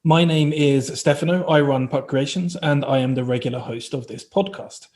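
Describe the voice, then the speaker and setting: A man's voice: a little high, moderate pace, darkish tone. A man hosting a podcast, introducing the show in a friendly, chatty way. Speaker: podcast host.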